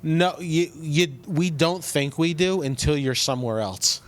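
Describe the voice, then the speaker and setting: A man's voice: a little high, a little slow. A man with a New Jersey accent, a comedian co-hosting a podcast, telling a story in a rambling way full of fillers and restarts. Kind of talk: casual storytelling chat.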